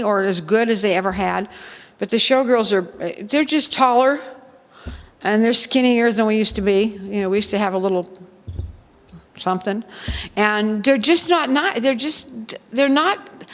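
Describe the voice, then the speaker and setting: Blunt older woman in a reverberant hall. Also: on the high side. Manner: blunt, laughs often, acts out quoted voices. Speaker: former showgirl speaker. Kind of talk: storytelling at a seminar.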